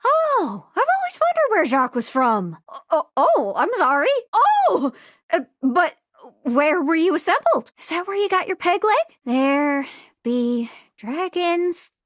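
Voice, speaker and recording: A woman's voice: very high voice, huge pitch swings, moderate pace, fairly bright tone, no echo, full character voice. A woman voicing a cheerful, chatty female talking globe in a dating game, playful and curious, recorded on a dry studio mic. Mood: bubbly. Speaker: dating sim character. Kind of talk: video game voice acting.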